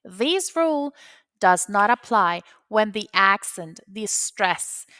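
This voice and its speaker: Spanish-speaking lady teaching english grammar, slow and patient, bright voice, dry close mic. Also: medium pitch, very animated, no echo. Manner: slow, patient, repeats each rule step by step. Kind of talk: grammar lesson.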